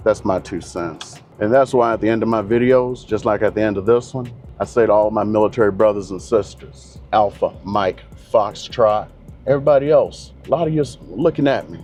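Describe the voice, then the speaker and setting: A man's voice: lowish voice, a little mellow. A middle-aged man talking in a car, blunt, opinionated and rambling, a real estate agent hosting his own channel. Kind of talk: casual monologue to camera.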